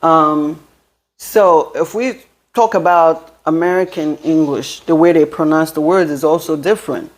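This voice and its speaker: A woman's voice: deep voice, measured pace. Conversational woman guest on a talk show. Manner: conversational, with fillers. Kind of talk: casual discussion.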